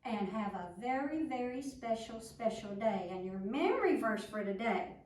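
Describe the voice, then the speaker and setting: Older woman storyteller for kids, gentle and slow, a bit high, distant roomy sound. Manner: slow, gentle, animated narration. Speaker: children's storyteller. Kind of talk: bedtime-style story reading.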